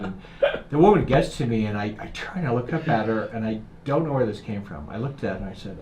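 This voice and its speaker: A man's voice: lowish voice, fast talker. A man telling a personal story as a guest in a casual interview, acting out the quotes as he goes. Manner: animated storyteller, acts out quotes. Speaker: guest author. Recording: roomy with faint noise.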